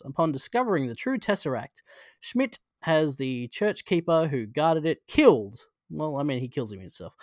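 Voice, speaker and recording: Chatty podcast host, dry close sound. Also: male voice, a little high, dry recording. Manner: rambling, self-interrupting, swears casually. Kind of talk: casual chat and reading a plot summary.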